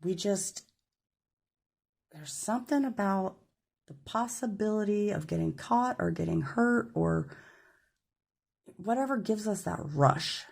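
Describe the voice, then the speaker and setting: A woman's voice: medium pitch, lively intonation, takes it slowly, vocal fry, long pauses, a little mellow. A woman giving a casual tarot reading to her camera, chatty and rambling, apologizing when she gets tongue-tied. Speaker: tarot reader. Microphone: camera mic.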